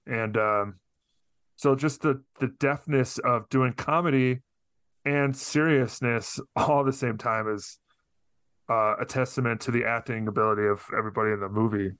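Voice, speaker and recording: A man with a smooth, resonant voice talks as a podcast guest in a dry, close-sounding recording. He speaks thoughtfully and hesitantly, working his ideas out as he goes. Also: medium pitch, fairly even intonation, moderate pace, fairly bright tone, no echo. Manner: thoughtful, hesitant with many restarts. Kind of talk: casual film discussion.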